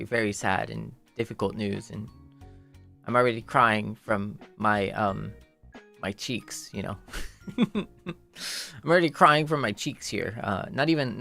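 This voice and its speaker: A man's voice: on the low side, gravelly, pushed and bright. A man chatting casually on his livestream in a playful, rambling way, full of "like" and repeated phrases.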